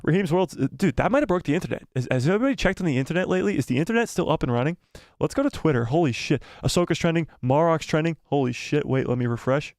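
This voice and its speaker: A man hosting a live watch-party stream, chatting excitedly, exclaiming and repeating himself. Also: a little high, racing, no echo, clean studio sound. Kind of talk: live watch-party chat, reading viewer comments.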